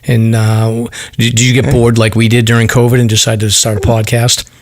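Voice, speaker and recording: Gravelly-voiced host asking easy questions. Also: male voice, medium pitch, monotone, dry recording, clean studio sound. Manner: friendly questioning, halting restarts. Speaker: podcast host. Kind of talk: casual chat.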